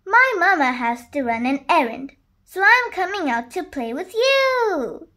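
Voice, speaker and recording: A cheerful, excited little boy playmate with a bright, very high voice, put on by a woman reading a storybook. He speaks slowly and sounds eager to play. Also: full character voice. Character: playful little boy donkey friend, cheerful.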